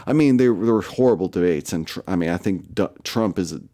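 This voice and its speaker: A man's voice: deep voice, quick pace, mellow. A man casually telling a personal story, rambling and profane, with lots of fillers and self-mocking asides.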